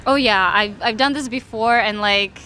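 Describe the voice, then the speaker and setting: A woman photographer chatting casually outdoors, playful and quick to laugh. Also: on the high side, pushed and bright, a little hiss or hum. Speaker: fellow photographer. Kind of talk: casual chat. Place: outdoors in a city.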